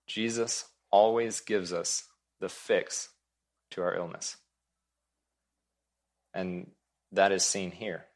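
A male pastor delivers a sermon in a low, deep voice. He speaks earnestly and with emphasis. He repeats his main points for weight. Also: fairly even intonation, slow, pauses often.

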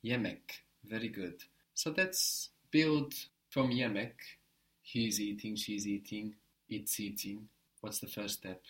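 A man's voice: lowish voice, steady tone, slow. A man teaching a language lesson, patiently prompting a student with short praise.

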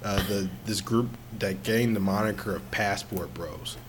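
A man's voice: fairly low pitch, measured pace, a little hiss or hum. A man in his twenties co-hosting a podcast in casual chat, crude and joking and laughing often. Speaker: podcast co-host.

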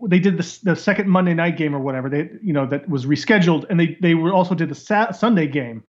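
Fast, high-voiced man on a dull line. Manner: halting, many restarts. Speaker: podcast co-host. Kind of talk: casual sports chat.

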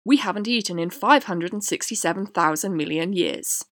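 A woman voicing a brash male galaxy president who orders dinner in a commanding, hurried way. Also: on the low side, no echo, clean studio sound, natural voice. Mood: demanding.

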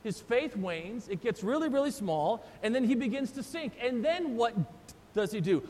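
A pastor preaching a sermon, retelling the story with animated voices for the disciples. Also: male voice, normal speed. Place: church sanctuary. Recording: long church reverb, faint rumble.

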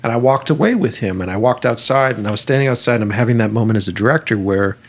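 Male film director, husky voice, casual anecdotes, profane and animated. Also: medium pitch, fast. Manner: animated, profane, acts out dialogue. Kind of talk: casual storytelling conversation.

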